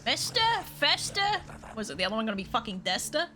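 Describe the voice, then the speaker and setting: A woman streaming a game live, chatting with her viewers, excitable, swearing freely and breaking into squeals. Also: on the high side, fast, slight background noise. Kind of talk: live gameplay commentary. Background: game music.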